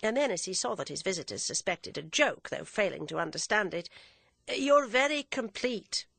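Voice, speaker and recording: Woman audiobook narrator, animated delivery, dry close sound. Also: fairly low pitch, fairly quick, gravelly, husky, no echo. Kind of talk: scripted narration.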